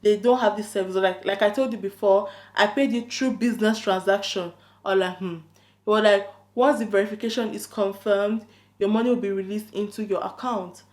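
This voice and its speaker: Woman, casual storytime chat, animated, quotes herself and others, mid pitch, roomy echo. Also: fairly quick. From London. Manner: animated, quotes both sides of a chat, frequent "I'm like". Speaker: YouTuber telling a story. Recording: echoey room.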